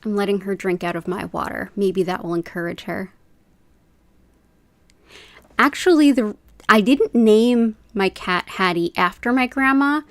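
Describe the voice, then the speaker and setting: A woman's voice: medium pitch, lively intonation, measured pace, long pauses, no room sound. Chatty woman in her forties, dry close sound. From United States. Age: 40s. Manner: chatty, rambling, says "like" often. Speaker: Reiki livestream host. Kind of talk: casual chat with live viewers.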